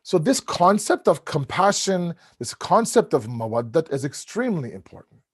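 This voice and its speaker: Lively middle-aged male lecturer, dry sound. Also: on the high side, husky, no room sound. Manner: lively, acts out little scenes in different voices; quick restarts and repeated words. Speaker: religious lecturer. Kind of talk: sermon-style lecture.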